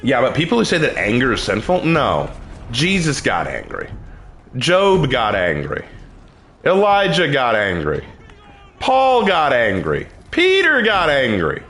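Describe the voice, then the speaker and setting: A man's voice: wildly swooping pitch, unhurried, a bit bright, slight background noise. A young man on a live stream who answers chat questions about faith in an earnest, emphatic, preacher-like way. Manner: earnest, emphatic, pitch swings when preaching.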